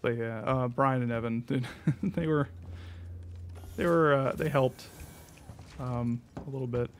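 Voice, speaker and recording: A man's voice: medium pitch, a little slow. A young man streaming a game, chatting in a rambling way, swearing freely and laughing often. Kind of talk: casual chat while playing.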